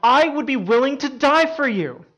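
A woman doing a loud eager disciple. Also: measured pace. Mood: protesting. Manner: loud, high-pitched protesting. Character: impulsive eager male disciple, fiercely loyal. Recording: dull lo-fi sound.

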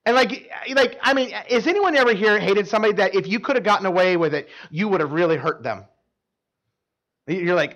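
A man delivers a sermon in a notably high voice, pulling volunteers up to act out his point. He talks in an animated way, doubling words and restarting sentences, and tosses quick asides to his listeners. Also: highs cut off. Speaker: preacher. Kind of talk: sermon with live volunteer demonstration.

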